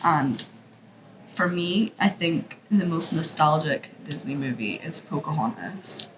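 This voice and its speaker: A young woman co-hosting a podcast, chatting in an easygoing, hesitant, soft-spoken way. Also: low voice, lively intonation, measured pace, background noise. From Scotland. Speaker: podcast co-host. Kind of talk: casual chat.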